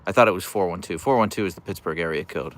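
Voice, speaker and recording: A man's voice: low voice, fast talker, fairly bright tone. A man hosting a casual livestream from his couch at home, reading out viewer comments and joking with them. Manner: chatty, joking, reads viewer comments aloud. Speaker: livestream host, dog owner.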